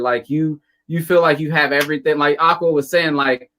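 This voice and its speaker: A man's voice: a little high, normal speed, pushed and bright. A man in casual podcast chat who tells stories and acts out what people said. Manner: storytelling, acts out quotes.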